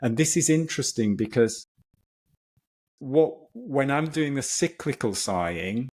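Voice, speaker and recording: A man speaks as a guest on a podcast, coaching listeners through breathwork. He explains things in an enthusiastic, chatty way and often restarts his sentences. His voice sits in an ordinary middle pitch. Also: expressive, unhurried, a little mellow.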